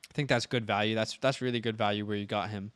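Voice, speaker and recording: A man from Virginia co-hosting a live stream, chatty and teasing, giving quick asides. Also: lowish voice, fairly even intonation, fairly bright tone, clear, resonant tone, no echo. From Virginia, United States. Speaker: co-host. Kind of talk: casual live-stream chat.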